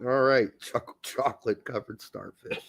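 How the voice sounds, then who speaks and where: A man's voice: mid-range voice, measured pace, gravelly. A man co-hosting a casual podcast chat, joking around, laughing often and wandering into rambling asides. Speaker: co-host.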